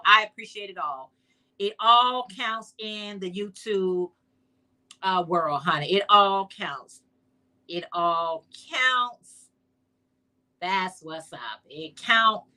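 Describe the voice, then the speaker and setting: Woman, livestream host, casual chat, bright tone, playful asides to viewers. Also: medium pitch. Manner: chatty, playful, talks straight to viewers; sassy, teasing asides.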